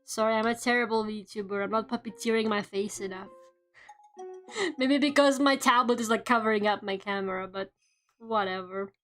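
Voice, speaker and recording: Chatty young woman streamer, slightly high voice. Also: moderate pace, fairly bright tone, faint music behind. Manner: rambling and playful, heavy use of "like", swears casually. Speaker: VTuber streamer. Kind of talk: casual chat while drawing on stream.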